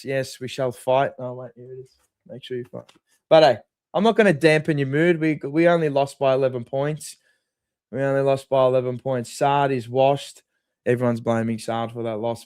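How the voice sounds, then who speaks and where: A man's voice: medium pitch, a little mellow, clean tone, no echo, clean studio sound. An Australian man hosting a live post-game fan stream, reading chat and bringing in callers with blunt, profane, sarcastic banter. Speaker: fan channel host.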